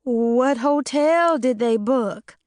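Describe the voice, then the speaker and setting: A woman voicing a scared young woman just out of school, with a squeaky, trembling, hesitant and slangy way of talking. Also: takes it slowly, fairly bright tone, no echo, clean studio sound.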